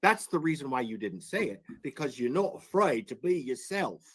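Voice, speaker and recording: A man's voice: medium pitch, big pitch swings, normal speed, a bit bright, slightly rough. A man in a streamed clip, ranting and repeating himself in a mocking put-on Aussie voice. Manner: ranting, repetitive, mocking fake accent.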